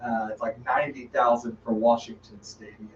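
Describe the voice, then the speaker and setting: A man's voice: medium pitch, little pitch movement, moderate pace, reverberant, distant mic, highs cut off, a little hiss or hum. A man co-hosting a live podcast, rambling and trailing off as he chats. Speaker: podcast co-host. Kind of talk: casual chat.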